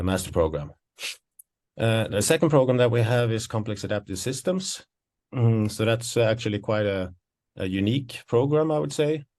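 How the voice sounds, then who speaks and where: A man with a fairly low voice presents university programmes in an online webinar. He sounds a little winded and explains in a hesitant, searching way. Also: a little mellow. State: out of breath. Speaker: associate professor presenting programmes.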